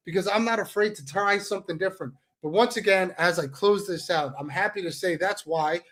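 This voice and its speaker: A man's voice: sits high, a bit bright. A male pro wrestler in a heated, sarcastic, profane rant straight to the camera. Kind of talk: angry direct-to-camera rant.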